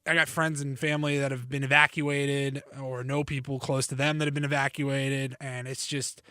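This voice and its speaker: A man's voice: medium pitch, little pitch movement, normal speed, pushed and bright, clean tone, no room sound, clean studio sound. A young man hosting a sports podcast, chatty and self-deprecating. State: slightly hoarse, needs to cough. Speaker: podcast host. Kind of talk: casual sports podcast monologue.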